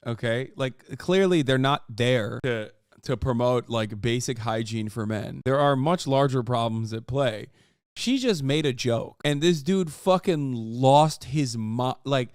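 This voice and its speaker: A man's voice: mid-range voice, smooth, dry recording, clean studio sound. A man in his thirties ranting and joking sarcastically as he reacts to a video, swearing often. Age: 30s. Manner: profane, sarcastic, heated ranting. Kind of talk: casual reaction commentary.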